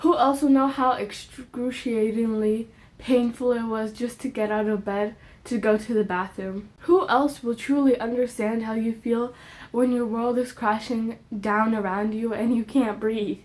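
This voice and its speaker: High-voiced young woman, earnest and impassioned. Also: fairly even intonation, a little slow, darkish tone. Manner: earnest, repeats herself with rising emphasis; casual slang asides. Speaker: faith vlogger. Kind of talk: emotional religious monologue.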